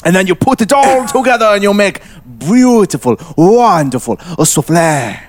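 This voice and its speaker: A man's voice: high-pitched, lively intonation, normal speed, slight background noise. A man putting on a pompous, bumbling French chef from the 1700s with a fake French accent and mangled English. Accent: put-on French. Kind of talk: improv comedy sketch.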